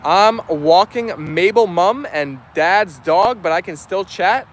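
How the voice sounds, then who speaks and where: Speaking slowly with lively intonation, a man with a voice that sits high reads viewer comments on his outdoor dog livestream. He's casual and friendly, and a little hiss or hum can be heard.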